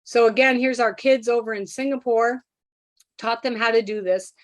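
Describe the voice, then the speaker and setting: A middle-aged woman, a teacher of deaf children, giving a workshop talk and telling a classroom story with animated acted-out quotes. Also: on the high side, moderate pace.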